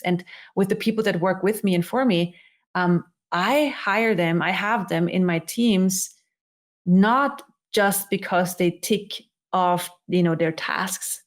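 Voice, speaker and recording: Woman with halting restarts. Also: on the low side. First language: not English. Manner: halting restarts, acts out quoted dialogue. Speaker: guest, psychology author. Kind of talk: interview conversation.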